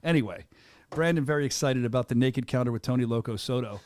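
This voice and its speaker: Quick, teasing podcast host. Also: male voice, medium pitch, darkish tone, dry recording, studio quality. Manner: jokey, teasing, laughs often. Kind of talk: casual podcast interview.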